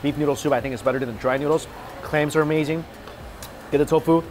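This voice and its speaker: A man's voice: on the high side, fairly even intonation, fast, a little hiss or hum. A man hosting a casual food vlog, chatty and enthusiastic as he tastes dishes and recommends them. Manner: enthusiastic, chatty, savoring food between lines. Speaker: food vlogger host. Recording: music bed under the voice.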